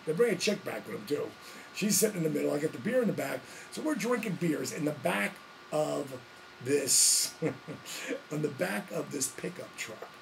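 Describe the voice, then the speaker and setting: A man hosting his vlog, telling a story in a casual, animated way, full of slang and frequent laughs. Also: on the high side, moderate pace, creaky, a little hiss or hum. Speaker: vlog host, former wrestler.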